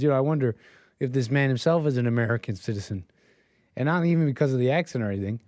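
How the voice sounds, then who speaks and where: A man hosting a livestream delivers opinionated commentary with a mocking tone. His voice sits at a middle pitch, recorded close and dry. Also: rapid-fire, darkish tone, dry recording. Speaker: livestream host. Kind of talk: political commentary.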